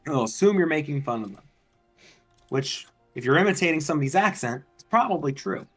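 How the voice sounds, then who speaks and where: A man's voice: fairly high pitch, lively intonation, fairly quick, fairly bright tone, breathy edge, soft background music. A man chatting on a game stream, arguing points in a careful, lecturing way. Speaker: streamer co-host. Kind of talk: casual chat while gaming.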